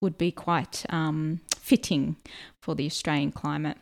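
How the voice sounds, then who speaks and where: A woman's voice: sits low, flat delivery, measured pace, vocal fry. A woman co-hosting a podcast in casual chat, easygoing and hesitant, with many fillers. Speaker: podcast co-host.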